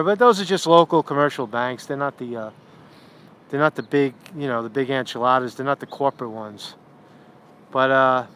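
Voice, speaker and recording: A man hosting a casual livestream vlog outdoors in a city park, who talks in a rambling, profane, animated way into a handheld phone. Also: medium pitch, smooth. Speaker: street reporter and livestream host.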